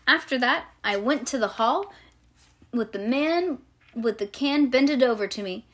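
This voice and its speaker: A woman reading a children's storybook aloud to a child, lively and pausing to explain things. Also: a little high.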